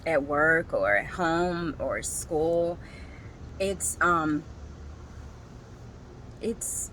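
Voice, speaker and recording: A woman and single parent, slowly sharing a personal emotional story in a reflective vlog, tearful at times. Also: low voice, animated, a bit bright, a little hiss or hum, poor audio. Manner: slow, halting, emotional storytelling.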